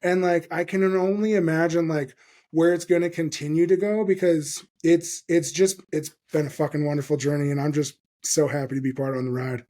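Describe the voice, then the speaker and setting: Excitable swearing podcast host. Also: male voice, a little high, fairly quick. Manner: enthusiastic, profane, rambling with many fillers. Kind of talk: casual interview chat.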